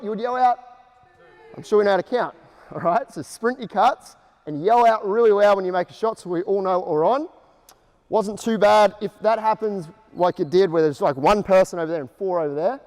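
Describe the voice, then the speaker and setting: A man with a fairly high voice runs a basketball coaching clinic, talking players through drills in short, casual instructions and quick called-out cues. His voice rings with the long reverb of a big indoor gym. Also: darkish tone. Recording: echoey gym hall reverb.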